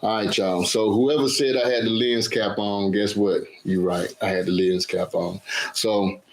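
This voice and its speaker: Slow-talking man hosting a live stream. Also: lowish voice, steady tone, poor audio. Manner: casual, chatty, greets viewers by name; repeats phrases over and over. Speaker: cooking channel host. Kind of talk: live-stream chat with viewers.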